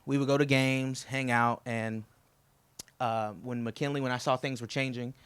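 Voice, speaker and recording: A man's voice: medium pitch, fairly even intonation, normal speed, a bit bright, clean tone. A man, the best man at a wedding reception, telling stories about the groom in a chatty, joking toast.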